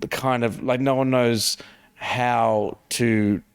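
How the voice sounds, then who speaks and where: Easygoing man in his thirties, clear voice. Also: medium pitch. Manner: relaxed, self-mocking, halting restarts. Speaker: podcast guest, director and screenwriter. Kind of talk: casual podcast chat.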